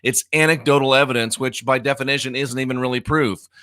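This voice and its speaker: A middle-aged American man hosts a casual livestream in a bright, forceful voice, recorded close and dry. He talks in a sarcastic, mocking way, dropping to low mutters and then bursting out loud in disbelief. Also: fairly even intonation, quick pace, dry recording. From United States. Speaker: online show host.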